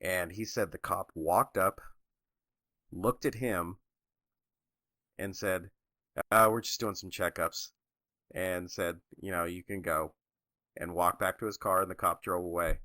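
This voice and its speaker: A man's voice: low voice, steady tone, a little slow, pauses often, pushed and bright, no room sound, clean studio sound. A man co-hosting a podcast, telling a story in a laid-back way with many fillers and chuckles. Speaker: podcast co-host. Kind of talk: casual chat.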